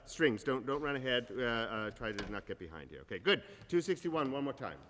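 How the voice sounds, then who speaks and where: A man's voice: mid-range voice, animated, brisk, a bit bright, slight background noise. A man leading an orchestra rehearsal, giving directions and singing phrases with nonsense syllables. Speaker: orchestra conductor. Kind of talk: rehearsal instruction. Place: large concert rehearsal hall. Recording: reverberant hall with orchestra playing. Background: orchestra playing.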